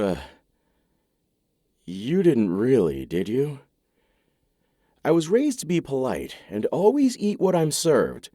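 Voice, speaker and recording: A man's voice: a little mellow, no room sound, clean studio sound. A man narrating a romance audiobook in the first person, wry and intimate in manner. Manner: wry, intimate, low-key.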